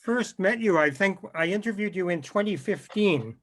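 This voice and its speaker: A man's voice: high voice, lively intonation, moderate pace, fairly bright tone. A man interviewing a guest over a video call, recounting the guest's background in a friendly way. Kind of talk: conversational interview.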